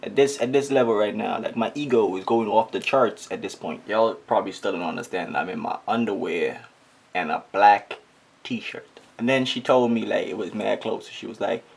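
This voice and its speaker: A man's voice: on the low side, moderate pace, vocal fry, breathy edge. Trinidadian man telling a comic story. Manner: animated, exaggerated, joking. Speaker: comedic vlogger. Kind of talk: comedic storytime.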